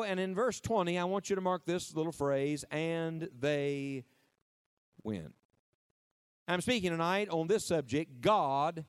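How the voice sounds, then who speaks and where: A middle-aged man preaching a lively sermon to a camp audience, leading call-and-response and stretching out key words for emphasis. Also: high voice, dry recording, studio quality.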